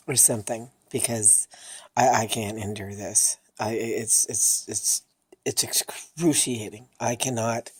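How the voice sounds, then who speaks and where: A woman's voice: extremely low pitch, slightly rough. A woman vlogger talking candidly and emotionally, blunt and swearing freely, worn out and exhausted. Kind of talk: candid personal vlog.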